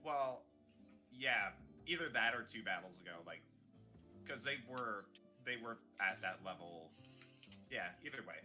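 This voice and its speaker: Animated giggly tabletop player. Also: mid-range voice, unhurried, faint music behind. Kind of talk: tabletop game banter.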